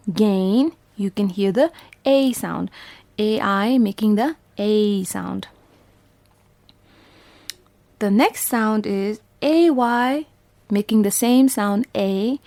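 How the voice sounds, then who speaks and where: A woman from Bhutan teaches young children phonics at a very unhurried pace, spelling out letter sounds and repeating each word with patience. Her voice sits in a middle range and is recorded close and dry, with no room around it. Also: mid-range voice, darkish tone, no room sound. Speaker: primary school English teacher.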